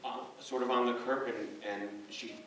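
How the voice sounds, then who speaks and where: A man giving a rambling, hesitant memorial speech as a neighbor, telling stories with many pauses and fillers. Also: medium pitch, fairly even intonation. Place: church memorial service. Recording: echoey hall, distant mic, soft music.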